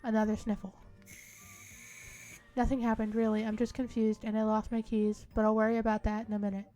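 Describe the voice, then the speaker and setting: Higher-voiced woman reading game narration. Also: flat delivery, brisk, dark tone, soft background music. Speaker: co-host reading a visual novel aloud. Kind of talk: reading game text aloud in a casual let's-play.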